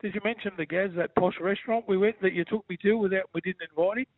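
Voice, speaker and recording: A man's voice: sits high, fairly even intonation, quick pace. An older Australian man, a former footballer calling in, joking and ribbing his mate and saying "mate" constantly. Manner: rowdy, jokey, says mate constantly. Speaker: former rugby league player calling in. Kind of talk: casual banter. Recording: tinny phone line, dry.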